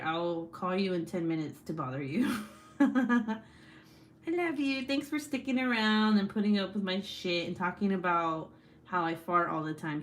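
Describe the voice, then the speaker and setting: A woman's voice: on the low side, slight background noise. A woman hosting a casual livestream, reading out chat comments, laughing often and swearing freely.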